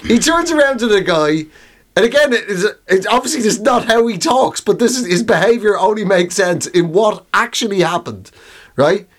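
Comedy podcast guy rambling along, highish voice, bouncing around a lot. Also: animated, moderate pace. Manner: rambling, joking storyteller. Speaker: podcast co-host. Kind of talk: casual comedy chat.

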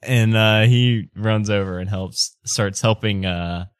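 Lower-voiced man running a tabletop game. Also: slow, smooth, no room sound, studio quality. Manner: casual, laughs often, fillers. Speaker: game master.

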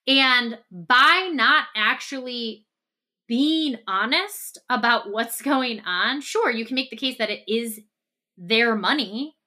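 A woman co-hosting a relationship podcast with a bright, forward tone. She builds a hypothetical scenario step by step in a casual, conversational way. She keeps checking in with quick "okay?" and "right?" asides. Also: a little high. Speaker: podcast co-host.

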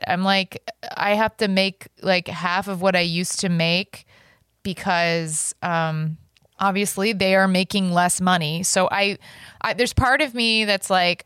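A young stand-up comedian chats casually on a podcast over a video call. She is quick with an enthusiastic reaction and easy when she tells her own story. Her voice sits at a middle pitch, and the sound is dry and close. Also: expressive, a bit bright, clean tone, no room sound. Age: young adult. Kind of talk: casual chat.

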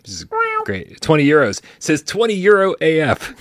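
A man's voice: a little high, sing-song, moderate pace, no echo. A man hosting a casual chat, talking animatedly with frequent restarts and casual swearing. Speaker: host.

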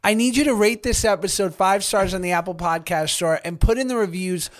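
A high-voiced man with a slight lisp, co-hosting a podcast in a loose, teasing way. He cracks jokes and laughs as he talks. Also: brisk. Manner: joking, teasing, laughs often. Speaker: podcast co-host. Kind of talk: casual podcast banter.

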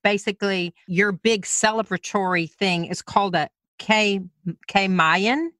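A woman hosting an interview show, chatty and quick to laugh, telling her own stories. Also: medium pitch, fairly bright tone, no room sound. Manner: laughs easily, chatty storyteller. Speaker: host. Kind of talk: casual interview chat.

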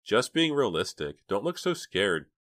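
A quick-thinking teenage girl, put on by a man, who gives orders in a brisk, urgent way. Her voice sits well above his deep own register. The sound is close and dry. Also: very animated, a bit bright, dry recording. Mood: steady.

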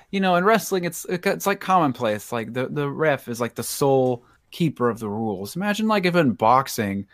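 A co-host chatting casually on a podcast, playful and quick to giggle. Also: mid-range voice, big pitch swings, no room sound, studio quality. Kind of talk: casual banter.

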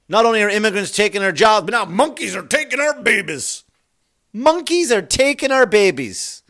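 A man's voice: mid-range voice, a bit bright. A middle-aged man doing a profane stand-up routine, rambling and acting out little scenes in put-on voices. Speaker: stand-up comedian.

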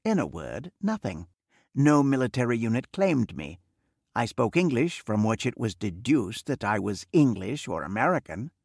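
A man reading the part of a wealthy, reserved middle-aged man who speaks in a measured, formal way. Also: medium pitch, sing-song, gravelly, husky, dry recording, studio quality, exaggerated voice. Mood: earnest. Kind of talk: audiobook character reading.

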